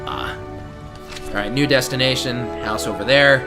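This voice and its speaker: A man's voice: mid-range voice, animated, moderate pace, loud music behind the voice. A man giving casual, rambling gameplay commentary, amused and talking straight to his viewers. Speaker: let's play commentator.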